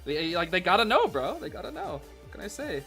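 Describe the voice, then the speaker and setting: A young man streaming and co-casting an esports match in excited, casual commentary. He repeats himself, laughs often and keeps saying "bro.". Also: sits high, fairly quick, gravelly, faint music behind.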